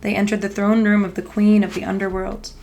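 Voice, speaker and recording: A woman podcast host reading an ancient myth aloud in steady, measured storytelling. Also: mid-range voice, slight background noise.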